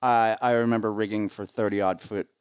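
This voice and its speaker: A man's voice: lowish voice, fairly quick, clear, resonant tone. Rambling American man telling stories. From United States. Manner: rambling, lots of fillers, animated voices when quoting. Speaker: guest, live sound rigger. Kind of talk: casual storytelling interview.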